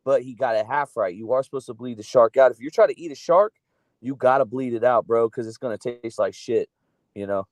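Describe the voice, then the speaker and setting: A South Florida man with an accent that sits between East Coast and Southern, talking in a loose, profane ramble. His middle-pitched voice is dry and close, with no room sound around it. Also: brisk, darkish tone, no echo. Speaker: podcast co-host. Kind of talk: casual livestream chat.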